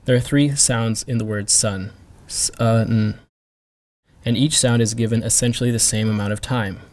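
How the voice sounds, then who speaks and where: A man teaching a pronunciation lesson, explaining each sound deliberately and repeating sample words for the learner to hear. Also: mid-range voice, steady tone, darkish tone. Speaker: language teacher.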